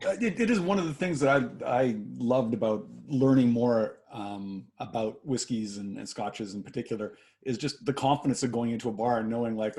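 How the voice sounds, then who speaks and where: A man's voice: mid-range voice, a little fast, hardly any pauses, mellow. A man hosting a casual chat, easygoing and enthusiastic as he pours and talks about the drinks. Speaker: host.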